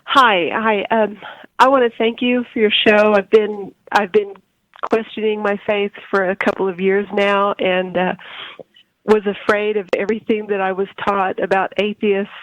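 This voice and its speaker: A woman in her forties calling in on the phone, halting and emotional, often repeating her words. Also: medium pitch, level tone, fairly bright tone, no echo. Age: 40s. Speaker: caller. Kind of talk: call-in conversation. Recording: dull phone line.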